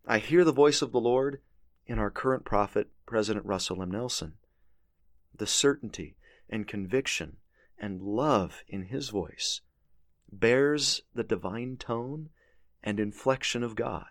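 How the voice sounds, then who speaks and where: A man's voice: mid-range voice, a little slow, no echo, studio quality. A man teaching a scripture lesson, reading verses aloud with earnest emphasis. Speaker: religious teacher.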